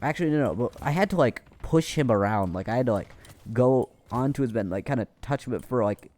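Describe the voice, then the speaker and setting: A man's voice: mid-range voice, expressive, a little fast, a little mellow. A young man casually telling a rambling, profane story with lots of restarts, as a streamer.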